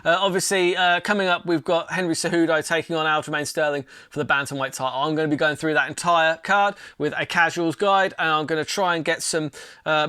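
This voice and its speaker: Blunt, ranting man with a bright voice. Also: fairly high pitch, clean tone, dry recording, studio quality. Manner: opinionated, ranting, exasperated; casual and blunt with mild swearing. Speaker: podcast host. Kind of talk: solo commentary on mixed martial arts.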